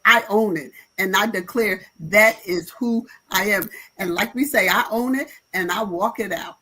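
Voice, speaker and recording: A woman's voice: mid-range voice, moderate pace, bright, forceful tone, poor audio. A woman pastor speaking on a live panel, emphatic and encouraging, with a preaching flavor.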